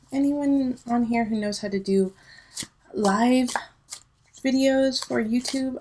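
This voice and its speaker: Casting note: woman in her thirties, tarot reader, gravelly fry, chatty and heartfelt. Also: medium pitch, a little mellow, slight background noise, poor audio. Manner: chatty, emotional, talks straight to viewers. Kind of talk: casual monthly tarot reading.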